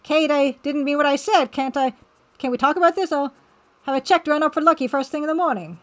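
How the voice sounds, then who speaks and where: A woman's voice: high voice, a little fast, voice pushed up, natural voice. A woman reading a blustering rich father. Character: blustering rich older father, used to getting his way.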